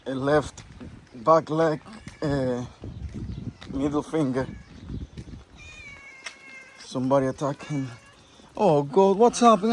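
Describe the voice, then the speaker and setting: A man with a high voice talks slowly and unhurriedly while filming his animals outdoors. He switches between cooing baby talk with squeals and musing commentary, and faint noise sits under his voice. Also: a little mellow. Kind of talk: casual chat to animals and camera.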